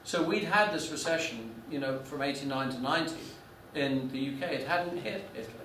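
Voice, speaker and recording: A man in his 40s lectures a class in an echoey lecture room, telling a business story full of restarts and fillers. His mid-range voice is expressive and fairly bright, and he talks fairly quickly. The mic is distant, with slight background noise.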